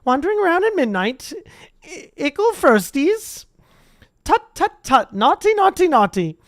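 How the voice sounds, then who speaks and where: A reader voicing a mischievous male poltergeist in a taunting sing-song manner, high and loud. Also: big pitch swings, unhurried, dry recording, studio quality.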